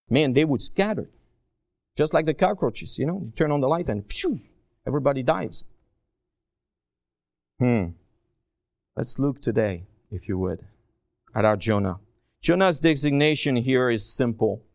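A man preaching a sermon as a guest preacher, stretching key phrases out slowly and swinging from soft asides to raised, pleading lines. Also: medium pitch, no echo, studio quality. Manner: slow, drawn-out emphasis on key phrases.

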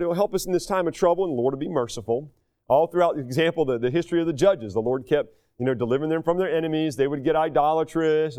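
A man's voice: sits high, smooth. A man preaching a sermon from the United States, earnest and conversational, acting out quoted voices as he teaches. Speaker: pastor.

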